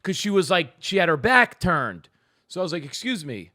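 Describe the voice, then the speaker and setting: A man spins a story on a comedy podcast, acting out his own lines with an animated, laughing delivery. His voice is bright and forceful, sitting a little high. The sound is close and dry. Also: moderate pace, no room sound. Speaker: podcast co-host.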